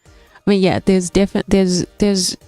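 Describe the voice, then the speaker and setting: In a steady, unhurried, mellow mid-range voice with no echo, a young female gaming streamer talks casually with her audience and responds to stream chat. She voices her opinions, thinking aloud and often restarting, over faint background music from the stream.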